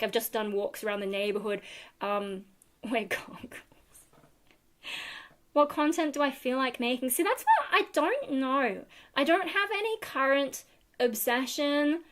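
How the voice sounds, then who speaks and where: A woman from Australia, her voice slightly high and a bit bright, chats casually with her livestream audience from home. She answers viewers while giggling and using lots of fillers.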